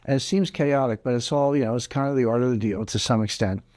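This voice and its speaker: A man's voice: medium pitch, fast talker, a little mellow, no echo, clean studio sound. A man giving interview answers on economics in an emphatic, explanatory way, hammering home his key points. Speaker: interview guest, economic commentator.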